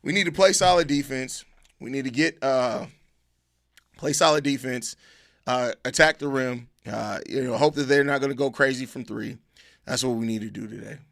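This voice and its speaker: A man's voice: medium pitch, normal speed, vocal fry, no room sound, studio quality. A man hosting a casual live stream, reading viewer chat aloud and answering it, often with mock outrage and swearing. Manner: animated, mock outrage, swearing, repeated questions.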